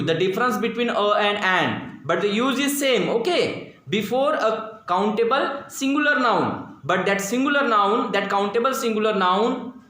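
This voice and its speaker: Slow, high-voiced Indian male teacher. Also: pushed and bright. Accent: Indian English. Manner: slow, repetitive, drills pronunciation aloud. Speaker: school teacher. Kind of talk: classroom grammar lesson. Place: classroom. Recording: echoey classroom, very roomy.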